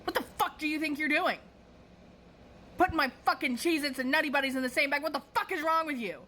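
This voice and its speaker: A woman voicing a furious woman customer who shouts and curses in rapid accusations. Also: high-pitched, voice pushed up. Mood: enraged.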